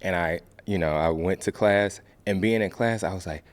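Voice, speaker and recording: A man from the American Midwest speaks in a somewhat low voice as a podcast guest. He tells his story loosely and casually. He keeps jumping into the voices of the people he quotes. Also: normal speed. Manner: animated, acts out quoted voices.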